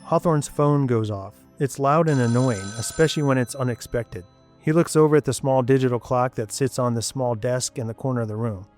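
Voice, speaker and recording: A man reading scripted narration for an audio story in an even, measured way. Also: mid-range voice, faint music behind.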